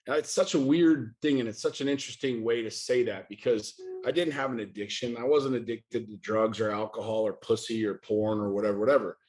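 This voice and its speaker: A man's voice: lowish voice, steady tone, fairly quick, hardly any pauses, a little mellow. A middle-aged man from the United States, a podcast guest speaking candidly and intensely, swearing often and firing off rhetorical questions. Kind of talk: candid interview talk.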